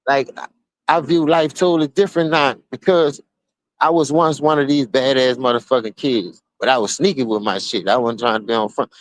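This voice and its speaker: A man with a New Orleans accent streaming an unscripted, profane rant to his listeners. He keeps calling them dog and bro, and he swings between low mutters and sudden high outbursts. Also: steady tone, a little fast, no echo. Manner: repeats words, addresses listener as dog and bro. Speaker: streamer giving a spoken open letter.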